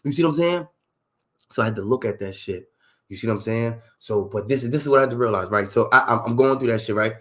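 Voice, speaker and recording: A man's voice: mid-range voice, fast talker, a bit bright. Casting: middle-aged man, gritty and profane, recounting his life in street slang with heavy emphasis, mid-range voice. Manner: profane, emphatic street slang, repeats "you see what I'm saying". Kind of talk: candid storytelling talk.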